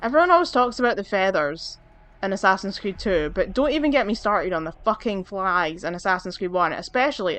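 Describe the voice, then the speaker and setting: A woman giving casual, chatty commentary while playing a video game, excitable and swearing freely. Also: mid-range voice. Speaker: let's play gamer.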